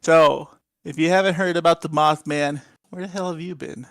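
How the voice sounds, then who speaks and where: Brief: slightly high, gravelly male co-host, playful ribbing, dry mic. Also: fairly even intonation, normal speed, a bit bright, no echo. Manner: jokey, teasing, laughs at own jokes. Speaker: podcast co-host. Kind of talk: casual live-stream podcast chat.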